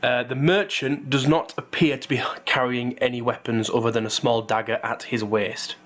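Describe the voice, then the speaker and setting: A man running a tabletop role-playing game with a mid-pitched voice. He narrates loosely, with fillers and wry asides. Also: moderate pace. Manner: relaxed, full of fillers and restarts, wry asides. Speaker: game master.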